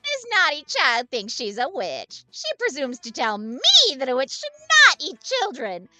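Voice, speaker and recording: A woman's voice: high voice, wildly swooping pitch, normal speed, pushed and bright, faint music behind, pitched above the performer's own voice, full character voice. A woman voicing a grandiose, archaic old witch who eats children, in a game playthrough. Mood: haughty. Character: cackling old female child-eating witch.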